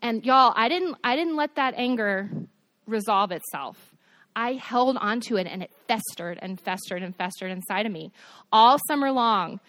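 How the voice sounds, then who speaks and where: A young woman giving a youth sermon, animated and asking her listeners questions. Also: fairly high pitch, normal speed, no room sound. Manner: animated, asks the audience questions. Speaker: youth pastor.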